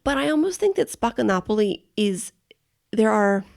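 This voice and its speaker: A young American woman co-hosting a relaxed travel podcast, with strong vocal fry running through her mid-pitched voice. She sounds chatty and easygoing and laughs readily. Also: moderate pace. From United States. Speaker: podcast co-host. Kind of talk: casual travel podcast chat.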